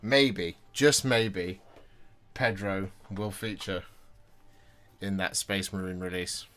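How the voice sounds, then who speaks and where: Chatty self-mocking man, lowish voice. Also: steady tone, slow, fairly bright tone. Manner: chatty, self-deprecating, reads chat aloud. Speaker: livestream host building and painting models. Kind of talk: casual livestream chat.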